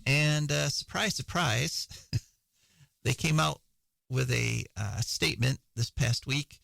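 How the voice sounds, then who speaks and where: A man's voice: medium pitch, slow, gravelly, fairly bright tone, dry recording, poor audio. A man hosting a radio show, chatting casually through the news with frequent fillers and laughs.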